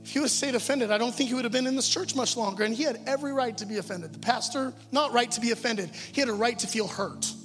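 A man's voice: very high voice, fast, few pauses, a bit bright. A man, a pastor, preaching a sermon in a church in an earnest, conversational way, often stumbling over his words. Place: church hall. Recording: long hall reverb with music.

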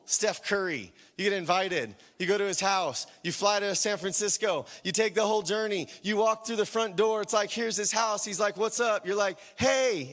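High-voiced man preaching in a reverberant church. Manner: dynamic, swings from shouting to hushed whispers. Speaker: pastor. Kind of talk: sermon.

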